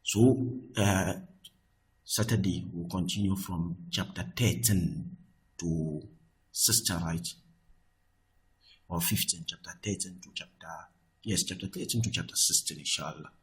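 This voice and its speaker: Deep-voiced man teaching grammar patiently. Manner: patient, repeats points and checks understanding; slows down for Arabic quotations. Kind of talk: recorded online lesson.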